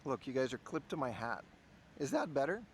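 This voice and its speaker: A man's voice: medium pitch, very animated, brisk. A man from the Netherlands, hosting an IRL livestream outdoors by the ocean and chatting to viewers while fixing his clip-on mic. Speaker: livestream host. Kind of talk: casual IRL livestream talk. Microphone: clip mic on his hat. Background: wind.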